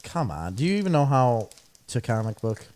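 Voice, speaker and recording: Male co-host, mellow voice, goofy and teasing, quick to laugh. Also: mid-range voice, big pitch swings. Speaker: podcast co-host. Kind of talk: casual chat.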